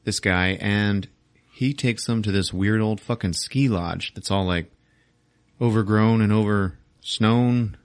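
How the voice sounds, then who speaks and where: A man's voice: on the low side, slow pace, smooth, no room sound. A man hosting a podcast, retelling a film plot in a casual, profane way and slipping into silly character voices. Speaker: podcast host. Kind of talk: casual movie recap.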